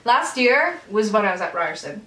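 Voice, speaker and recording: A woman's voice: medium pitch, big pitch swings, sharp tone. Thoughtful young woman in casual chat. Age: 20s. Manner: thoughtful, measured, a little hesitant. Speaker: guest best friend. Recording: roomy echo, mic at a distance.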